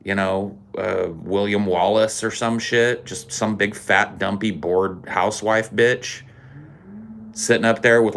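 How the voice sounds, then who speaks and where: A man on a podcast ranting angrily and sarcastically, swearing constantly and getting louder and more heated. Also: on the low side, a little hiss or hum. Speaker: podcast co-host. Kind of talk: profane podcast rant.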